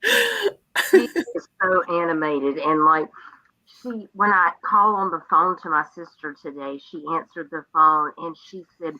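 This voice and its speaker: Bright animated woman on a muffled line. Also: on the low side, measured pace, no echo. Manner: animated storyteller, acts out voices in her stories. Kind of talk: casual chat.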